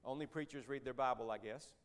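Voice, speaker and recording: A man's voice: mid-range voice, fast. Lay speaker, man, fifties, folksy storyteller with dry humor. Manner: conversational, folksy, with joking asides. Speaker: Christian businessman speaker. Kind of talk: storytelling church talk.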